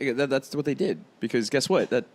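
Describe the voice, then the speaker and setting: Brief: mid-pitched man, blunt and profane, casual podcast banter. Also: animated, fast, a little mellow. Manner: blunt, profane, laughs at his own jokes. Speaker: podcast co-host. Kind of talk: casual chat.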